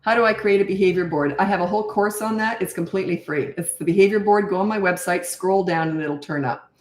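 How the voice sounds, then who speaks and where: A woman's voice: medium pitch, quick pace, roomy sound. An older woman, a parenting coach, answering viewer questions in a frank, chatty live Q&A and thinking aloud as she goes.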